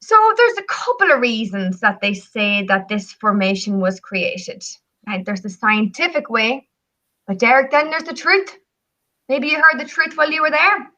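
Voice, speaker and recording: Bright high-voiced Northern Irish woman. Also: moderate pace, rough recording. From Northern Ireland. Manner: lively, chatty, enthusiastic. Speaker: travel company guest. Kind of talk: radio talk show storytelling and pitch.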